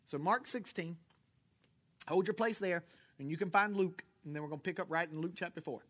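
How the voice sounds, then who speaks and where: Preaching to his church congregation, this pastor speaks briskly in a voice that sits high with a fairly bright tone. He quizzes the people in the pews and laughs at his own jokes.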